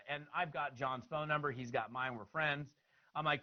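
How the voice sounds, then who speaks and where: A man giving an instructional talk on follow-up calls, acting out both sides of the conversations in an animated way. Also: on the high side, moderate pace, highs cut off. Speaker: network marketing trainer.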